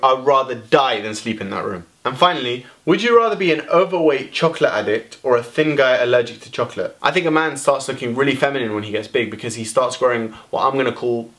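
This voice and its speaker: A man's voice: mid-range voice, expressive, fast talker, few pauses, a bit bright. A young man, ranting animatedly to camera in a casual vlog, full of swearing and exaggeration. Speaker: vlogger.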